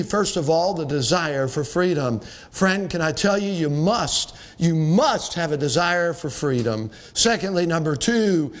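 A man, a pastor, preaching a sermon emphatically, slowing down and dropping his voice when he quotes scripture. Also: sits high.

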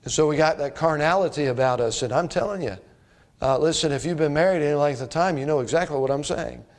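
A man's voice: on the high side, fast talker. A middle-aged man preaching a sermon as pastor, talking straight to his congregation in a folksy way with rhetorical questions.

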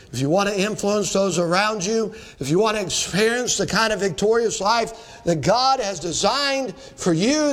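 A pastor delivers an evening sermon in a man's fairly high voice. He builds to ringing, emphatic peaks and then drops low and slow for quiet stretches, the pacing of a practiced preacher. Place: church service in the evening.

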